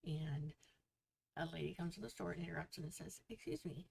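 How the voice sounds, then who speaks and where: A woman's voice: sits low, steady tone, a little fast, gravelly, slight background noise. A woman hosting a casual author livestream, chatty and telling jokes to viewers. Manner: chatty, joke-telling, reads viewer comments aloud.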